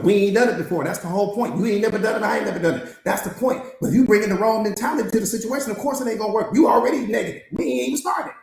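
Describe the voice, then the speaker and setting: The speaker is a man whose creaky voice sits high, coaching on mindset in a live-streamed motivational master class. He is emphatic and repetitive, slangy, and fond of rhetorical questions; the room sounds echoey.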